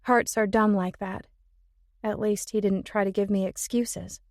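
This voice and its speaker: A woman's voice: mid-range voice, steady tone, unhurried, a little mellow, no room sound, clean studio sound. A woman giving first-person scripted narration with wry, emotional, sardonic asides. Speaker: audiobook narrator.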